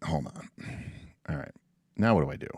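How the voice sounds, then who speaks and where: A man's voice: extremely low pitch, expressive, moderate pace, darkish tone, husky, no echo, studio quality. A man hosting a livestream in casual, rambling chat with a self-deprecating, jokey manner. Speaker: livestream host.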